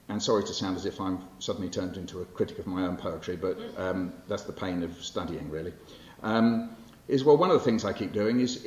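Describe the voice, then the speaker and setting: A man in his sixties from England, a poet giving a public lecture in a library hall, who talks in a wry, conversational way with fillers and self-corrections. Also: on the low side. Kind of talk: lecture with poetry readings. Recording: roomy, muffled hall recording with faint hiss.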